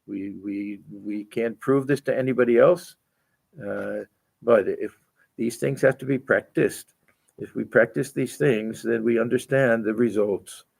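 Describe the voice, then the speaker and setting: An older man with a gravelly, mid-range voice gives a scripture lecture. He talks gently and haltingly, often repeating words as he searches for the next thought. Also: mid-range voice, steady tone. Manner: gentle, halting, many fillers and restarts. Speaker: swami teaching a scripture class. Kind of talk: spiritual lecture.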